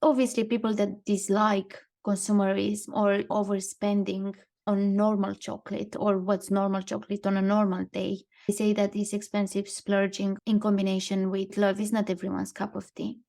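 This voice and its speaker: A woman co-hosts a casual podcast, thoughtfully discussing things she has read and reading out quotes and card lines, partly from notes. Her mid-range voice is level, mellow and gravelly, at a moderate pace with hardly any pauses.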